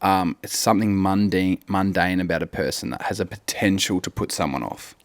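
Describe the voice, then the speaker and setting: Male podcast co-host, low voice, playful and jokey, dry mic. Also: fairly quick, no echo. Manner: playful, laughs often, quizzing. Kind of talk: casual chat.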